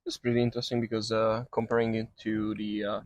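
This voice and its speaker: A man's voice: fairly low pitch, flat delivery, fast talker, a little mellow, lo-fi sound. A man in a casual beer tasting chat, joking and teasing.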